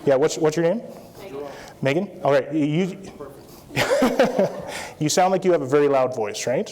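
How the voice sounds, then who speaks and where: A man's voice: a little high, brisk, a little mellow. A man who works as an anesthesiologist, presenting an interactive talk at a conference and checking in with the audience again and again. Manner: interactive, repeats "all right?" often.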